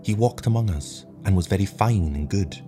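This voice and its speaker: A man's voice: low-pitched, animated, normal speed, mellow, soft background music. A man voicing a serene townswoman who speaks steadily and lyrically.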